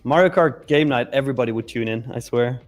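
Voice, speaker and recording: A man in his thirties co-hosting a live trading stream, relaxed and jokey as he talks to the chat. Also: medium pitch, fast talker, faint music behind. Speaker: co-host of a live trading show. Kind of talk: casual live-stream banter.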